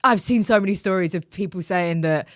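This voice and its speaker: A woman in her twenties hosting a podcast, chatty and quick to react and ask questions. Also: fairly low pitch, dry recording, studio quality. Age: 20s. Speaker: podcast host. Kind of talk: casual podcast chat.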